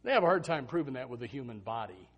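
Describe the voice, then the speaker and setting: A man's voice: medium pitch, sing-song, fast talker, breathy edge, lo-fi sound. A man preaching an impassioned, emphatic sermon as pastor.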